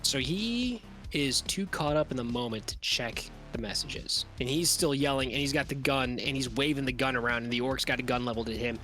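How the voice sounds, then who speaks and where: A man's voice: medium pitch, a little fast, hardly any pauses, bright, forceful tone, faint music behind. A man as game master, narrating a tabletop game in a casual, vivid, profane way.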